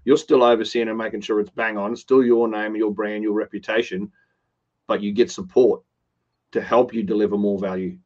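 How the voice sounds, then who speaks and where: A man's voice: lowish voice, fairly even intonation, moderate pace, darkish tone, dull audio. A man co-hosting a business show, talking earnestly and often restarting his phrases. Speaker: co-host. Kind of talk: business podcast chat.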